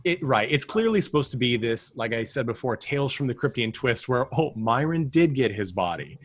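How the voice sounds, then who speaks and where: Talking briskly and expressively in a mid-range voice, this podcast co-host gives a casual film review. He rambles, stuffing his speech with fillers and starting sentences over.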